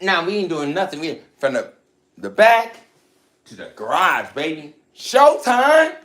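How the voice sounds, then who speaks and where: A man's voice: on the high side, sing-song, normal speed, fairly bright tone. A man who breeds dogs, ranting in a blunt, profane, boastful way and mocking his rivals. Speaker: dog breeder. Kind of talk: casual rant to camera.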